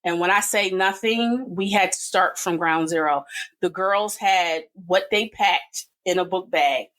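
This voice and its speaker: A middle-aged woman speaking as a podcast guest, giving an earnest and emotional personal testimony with pauses and fillers. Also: on the low side, a bit bright, rough recording.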